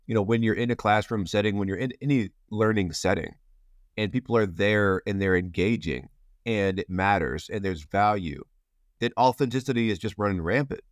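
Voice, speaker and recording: A man's voice: fairly low pitch, moderate pace, dry recording, clean studio sound. A man hosting a casual interview, rambling and playful with lots of restarts. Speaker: podcast host. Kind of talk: casual conversation.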